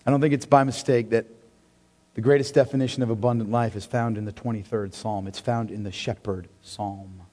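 A man preaching a sermon in a church, impassioned and swinging between loud and hushed delivery. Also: lowish voice, fairly even intonation, a little fast. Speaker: pastor. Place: church sanctuary. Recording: long hall reverb.

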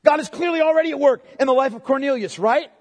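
A man's voice: extremely high pitch, fast talker. A male pastor preaching an expository sermon in a church, speaking emphatically and checking in with his listeners through tag questions. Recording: long hall reverb.

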